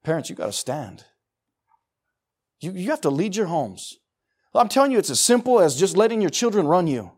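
A man's voice: high-pitched, sing-song, normal speed, long pauses, a little mellow, husky. A middle-aged man preaching a sermon in an emphatic, conversational way, often repeating phrases for stress. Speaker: pastor.

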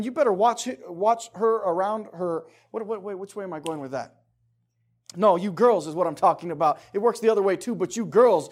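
In a voice that sits high, a middle-aged man preaches a casual sermon with conversational emphasis, acting out each voice he quotes.

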